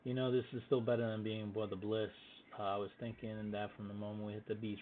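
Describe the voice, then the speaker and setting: Low-voiced man on a tinny line. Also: little pitch movement. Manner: casual, halting reading with restarts. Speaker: gaming channel host. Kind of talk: let's-play commentary, reading game text. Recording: tinny phone-like audio with faint hiss.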